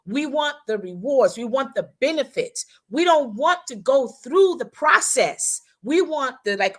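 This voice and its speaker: Lively, high-voiced preacherly woman host. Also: unhurried, hardly any pauses, noisy background. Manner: preacherly, repeats lines, acts out people's talk. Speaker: co-host of a women's talk show. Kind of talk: motivational talk to women.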